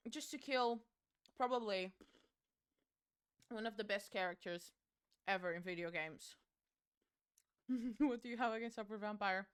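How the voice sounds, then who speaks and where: Young woman, game streamer, high bright voice, giggly, swears a lot. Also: clear, resonant tone. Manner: swearing, giggly, reading chat aloud. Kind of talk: casual chat with stream chat while gaming.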